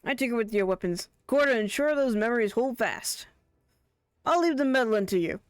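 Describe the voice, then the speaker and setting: A woman's voice: on the high side, expressive, fairly quick, smooth, no echo, lightly acted. A woman doing a grand Irish weapon smith. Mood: theatrical. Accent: put-on Irish. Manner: reading game dialogue aloud, stumbling over words. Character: male weapon smith, mock-formal and grand.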